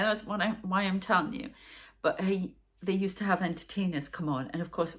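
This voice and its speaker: A woman's voice: fairly low pitch, fairly quick, fairly bright tone. A woman with a Geordie accent giving a rambling, chatty tarot reading full of asides. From North East England. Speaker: tarot reader. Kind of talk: casual psychic reading monologue.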